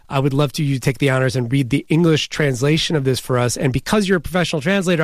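A male news host interviewing a guest in a measured, conversational way. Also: fairly high pitch, dry recording, studio quality.

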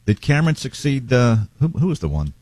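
Husky, lively-voiced man hosting. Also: medium pitch, brisk, no echo. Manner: rambling, wry. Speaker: talk show host. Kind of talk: casual chat.

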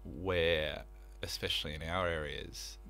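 Deep-voiced guy, earnest, lots of ums, sharp tone, slight hum. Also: fairly even intonation, a little slow, soft background music. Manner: earnest, enthusiastic, many fillers. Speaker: theatre director, guest. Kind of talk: casual interview.

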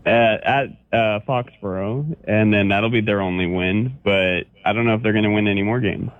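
A man's voice: on the low side, moderate pace, no room sound. A man in his sixties from Orange County, calling into a radio show and playfully ribbing the host. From Orange County, California. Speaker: caller. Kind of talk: casual call-in radio banter. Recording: tinny dry phone line.

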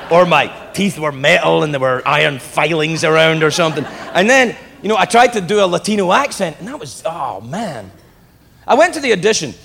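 Male stand-up comic, high gravelly voice, lively swinging delivery, live club with crowd laughter. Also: background noise. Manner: animated, shouting punchlines, mimicking voices. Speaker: stand-up comedian. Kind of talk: stand-up comedy storytelling. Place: comedy club stage with audience.

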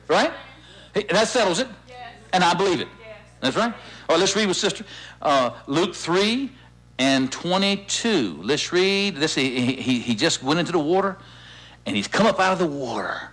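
A man preaching as pastor, leading his congregation in repeating lines, animated and insistent. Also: normal speed. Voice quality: animated, swooping pitch when stirred. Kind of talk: sermon with call-and-response.

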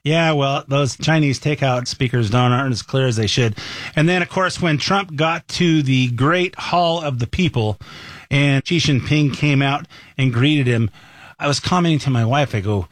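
Male radio host in a dry studio, speaking at a middle pitch, opinionated and chatty. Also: moderate pace, no room sound. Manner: opinionated, conversational. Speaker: talk show host. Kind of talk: radio talk commentary.

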